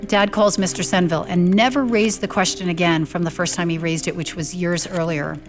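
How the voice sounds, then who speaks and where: Lower-pitched woman telling family stories. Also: brisk, over music. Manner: lively storyteller who acts out quoted voices. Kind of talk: anecdotal storytelling.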